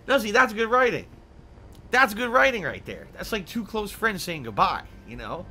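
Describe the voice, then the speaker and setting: A man giving casual gameplay commentary, excitable and prone to laughing and mock-outraged rants. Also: high-pitched, moderate pace, slightly rough.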